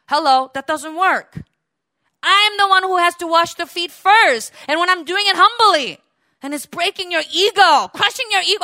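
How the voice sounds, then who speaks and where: A woman pastor giving a sermon, lively and conversational, acting out little quoted exchanges and laughing as she goes. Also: high-pitched, moderate pace, dry recording, studio quality. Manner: animated, acts out quoted voices, laughs often.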